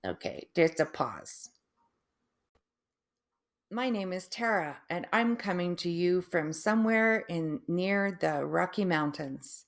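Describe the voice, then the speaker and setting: A middle-aged woman talking in a casual personal video, halting, with restarts, long pauses and drawn-out, oddly stressed syllables. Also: fairly low pitch, animated. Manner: laughs softly at herself. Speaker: vlogger sharing her stroke recovery.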